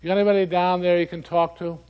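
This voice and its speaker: A man's voice: high-pitched, little pitch movement, quick pace, a little mellow, clean tone, lightly acted. A man voicing a plain-spoken small-town doctor in a stage monologue, matter-of-fact and confident.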